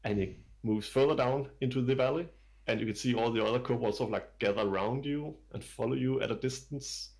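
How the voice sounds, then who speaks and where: A man's voice: medium pitch, a little fast, darkish tone. A man narrating a tabletop game as dungeon master, describing scenes in a hesitant way full of fillers.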